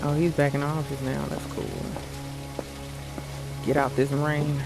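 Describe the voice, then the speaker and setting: A man's voice: a little high, level tone, a little slow, creaky, pauses often. A man giving casual, joking commentary as he plays a game. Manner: joking, chatty asides. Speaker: gaming channel host. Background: game music.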